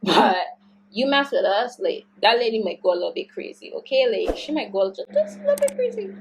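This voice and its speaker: A young woman telling a storytime vlog story, animated and slangy as she vents. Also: mid-range voice, fairly quick. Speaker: YouTuber.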